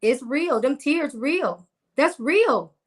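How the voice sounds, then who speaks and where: A woman's voice: sits high, lively intonation, slow. A woman guest in a casual faith conversation, earnest and preacherly, repeating lines for emphasis.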